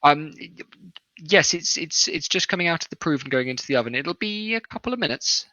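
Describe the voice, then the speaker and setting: A man's voice: on the high side, animated, fairly quick, bright, forceful tone, dry recording, pitched above the performer's own voice, rough recording. A man voicing a polite, deferential young woman baker at an inn who stammers and hesitates.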